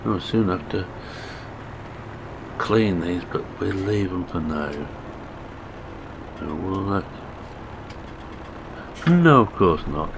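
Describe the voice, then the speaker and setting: Here a gaming channel host with a Scottish accent talks his way through a farming game, casual and self-deprecating, thinking out loud. The voice sits low and gravelly, expressive, slow, broken by long pauses, with game engine and vehicle sounds in the background.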